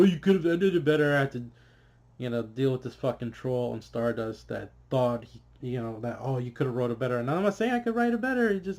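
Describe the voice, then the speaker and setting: A man vlogging a casual, frustrated review, swearing often and filling gaps with "you know" and "like". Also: medium pitch. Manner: frustrated, swears, many fillers, animated.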